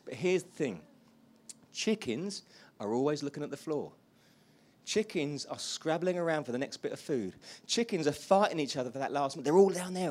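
A man preaching a sermon, animated and conversational, moving from quiet asides to loud emphatic praise and often asking the congregation questions. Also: on the high side, fairly quick. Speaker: pastor.

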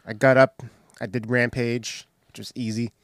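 A man's voice: medium pitch, normal speed, no room sound, clean studio sound. A man co-hosting a podcast, chatting casually and joking around. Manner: joking, animated, laughs often. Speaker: podcast co-host. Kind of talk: casual chat.

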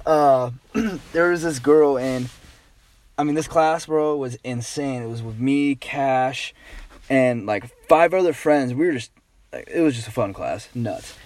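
A young man casually telling an anecdote, animated and swearing, saying dude a lot. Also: mid-range voice, measured pace. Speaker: storyteller guest.

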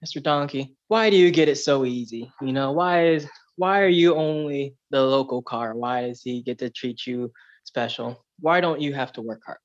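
A man voicing a weary, overworked male ox who whines slowly about his aching back, in a fable told on a podcast. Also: mid-range voice, lo-fi sound, natural voice. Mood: pleading.

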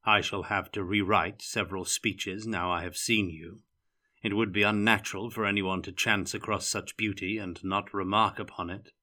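A man's voice: fairly low pitch, level tone, moderate pace, bright, forceful tone. A man voicing a courteous, formal male playwright in an audiobook reading. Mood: courtly.

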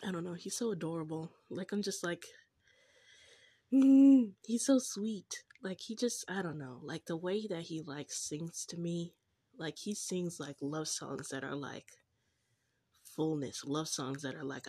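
A young woman talks in a casual confessional vlog, gushing and giggly with slangy phrasing. Her voice is breathy and husky and sits somewhat low, and she takes her time, drawing her words out slowly. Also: mellow. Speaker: faith vlogger.

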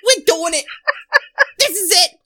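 A young woman co-hosting a casual podcast chat, loud and rambling, breaking into laughter and silly voices. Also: extremely high pitch, expressive, a little slow, background noise. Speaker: podcast co-host.

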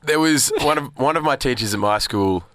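A young Australian man co-hosting a radio show, trading quick quips in casual banter. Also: medium pitch, expressive, fairly bright tone. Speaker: radio co-host. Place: radio studio.

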